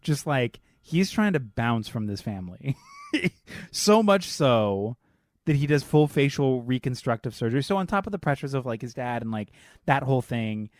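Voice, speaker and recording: A man's voice: medium pitch, animated, normal speed, dry recording. A man with a mid-range voice co-hosts a podcast, talking loosely and chattily with plenty of "like". The recording is dry and close. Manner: chatty, heavy use of "like". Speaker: podcast co-host. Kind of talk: casual chat.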